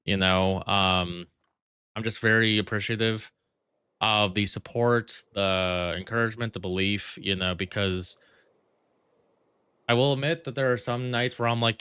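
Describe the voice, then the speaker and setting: Smooth-voiced male streamer, rambling chat. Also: fairly low pitch, a little slow, pushed and bright, no room sound. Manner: rambling and playful, many fillers. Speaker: live streamer. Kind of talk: casual gaming live stream chat.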